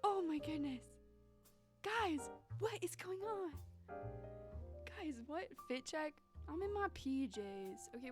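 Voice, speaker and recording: Chatty young woman streamer. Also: fairly high pitch. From North Carolina. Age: young adult. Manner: chatty, animated, sassy rants. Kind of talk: casual live-stream chat. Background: music.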